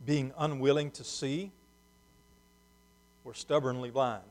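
A man preaching a sermon, moving between hushed, slow passages and loud, emphatic ones. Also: medium pitch, steady tone.

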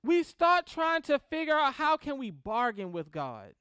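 A woman teaching a Christian class on grief in a lively, conversational way, often laughing and checking in with the class. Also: sits high, a little slow, few pauses, no room sound, clean studio sound. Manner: animated, laughs often, acts out prayers in quotes; checks in with "right?" and "okay?".

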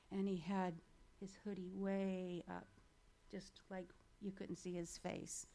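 Woman, testimony speaker on stage; animated storyteller, plays out dialogue, chatty fillers, mid-range voice. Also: mid-range voice. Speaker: speaker sharing a personal faith story.

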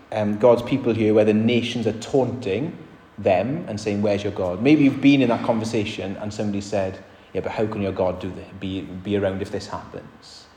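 A man's voice: lowish voice, warm tone, a little hiss or hum. A man preaching a sermon in an earnest, conversational way, his emphasis rising and falling. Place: church. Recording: echoey church hall.

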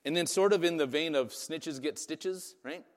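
A man's voice: on the high side, moderate pace. Man, pastor, conversational sermon, keeps asking "right?", long hall reverb. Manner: conversational, asks "right?" often.

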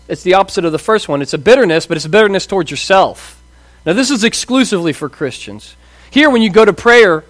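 Thirtysomething pastor guy, kinda high voice, dry close sound, chatty sermon w/ lots of "right?". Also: a bit bright, dry recording. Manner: casual, asks rhetorical questions, acts out quoted voices. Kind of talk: conversational sermon.

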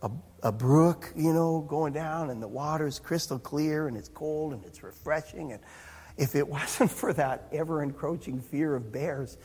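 A man's voice: fairly high pitch, unhurried, darkish tone, husky. A man preaching a sermon as pastor, in a conversational, self-interrupting way with chuckling asides. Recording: reverberant hall.

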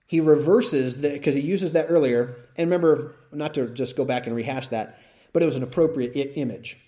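Teaching a Bible passage before a live audience, a man speaks a little fast in a mid-range voice with a dark tone. His style is conversational, with frequent check-ins like "right?" and "all right?"

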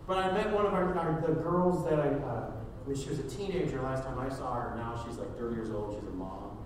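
A man's voice: mid-range voice, a little fast. A middle-aged male pastor preaching a sermon in a church, telling rambling folksy stories with many asides. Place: church sanctuary. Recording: echoey hall picked up from a distance, with background noise.

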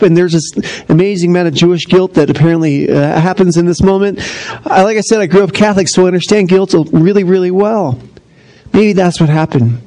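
Middle-aged guy pastor preaching, chatty and animated, kinda high voice. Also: quick pace, low-quality recording. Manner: conversational, animated storytelling with acted-out quotes. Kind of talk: sermon.

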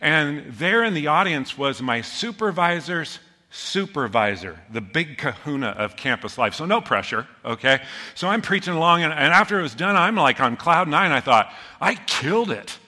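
A man in his fifties delivers a sermon in a bright, ringing voice. He tells stories from his own life with animated, self-deprecating humor. His words carry a long reverb from a large hall. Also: on the high side, moderate pace. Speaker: pastor.

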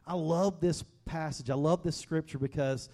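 Animated high-voiced preacher. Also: male voice, normal speed. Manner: animated, swings from shouting to soft, acts out quotes. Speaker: pastor. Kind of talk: sermon.

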